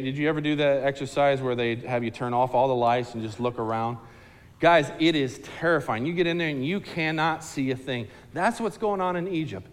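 A man telling a Bible story to a group in a casual, animated, slangy way, asking the listeners questions directly. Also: fairly high pitch, big-room sound.

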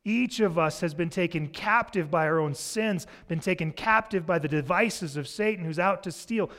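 A man's voice: sits high, normal speed, fairly bright tone. A man preaching a sermon, explaining a scripture passage in a conversational way. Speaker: pastor.

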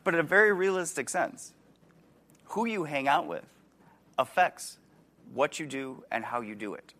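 A man's voice: on the high side, fairly bright tone. Forties guy preaching w/ a wisconsin accent, chatty, keeps asking the crowd stuff. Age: 40s. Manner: conversational, asks the audience questions, restarts words. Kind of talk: sermon.

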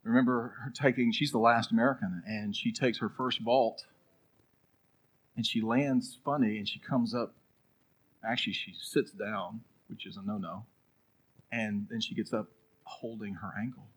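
Husky-voiced male pastor preaching. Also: on the low side, steady tone, normal speed, poor audio. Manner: storytelling, swings from loud urging to hushed prayer. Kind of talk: sermon.

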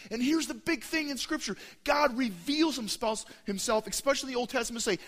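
A young man preaching a sermon, telling stories with lively acted-out voices. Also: very high voice, brisk, hardly any pauses. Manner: animated storytelling, acting out voices. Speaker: pastor. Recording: long hall reverb.

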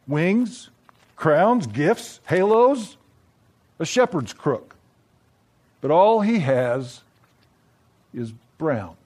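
A man narrating a scripted story in a reflective, measured, gently wry way. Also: on the high side, very animated.

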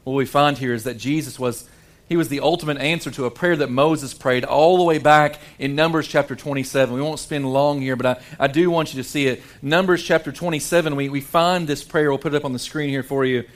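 Fairly high-voiced male preacher. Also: a little fast. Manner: dramatic, shifts between hushed low tones and animated quoted voices; repeats words and restarts often. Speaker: pastor. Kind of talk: sermon.

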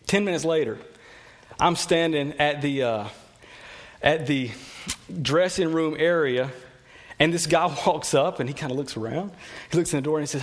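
A man's voice: fairly high pitch, normal speed, long pauses. A man preaching a sermon, telling personal stories in a conversational way and often repeating words.

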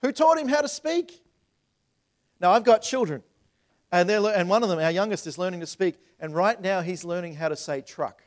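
A man in his thirties preaches to his congregation in a church. His voice sits a bit high for a man. He talks in a relaxed, conversational way and then climbs into emphatic, louder stretches. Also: normal speed. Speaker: pastor. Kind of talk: sermon. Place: church sanctuary.

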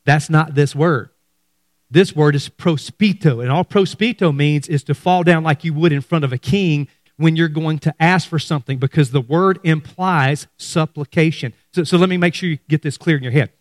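A man's voice: a little high, normal speed, no room sound, studio quality. A middle-aged man preaching a sermon, speaking animatedly to his congregation. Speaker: pastor.

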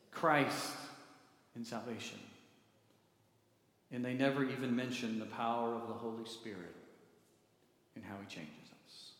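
A male pastor preaching a sermon in a church, with emphatic phrasing that drops low at the ends of lines. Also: moderate pace, fairly bright tone. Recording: echoey hall reverb.

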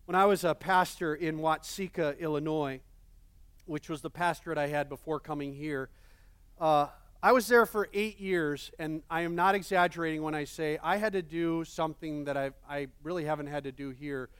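A man's voice: a little high, fairly even intonation, moderate pace, a bit bright, clear, resonant tone, dry recording. A male pastor preaching a sermon, earnest and repeating words for emphasis.

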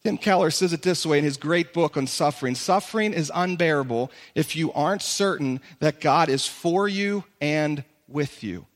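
A man with a high voice preaches an impassioned sermon. His words ring out through a church sanctuary with a long reverb, and now and then he takes on the voice of a doubting listener. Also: normal speed, few pauses. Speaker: pastor.

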